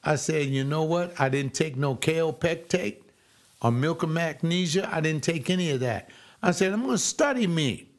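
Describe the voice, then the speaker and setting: An older man preaching a sermon over a webcast, fervent, swinging between loud exclaiming and slow, low emphasis. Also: expressive.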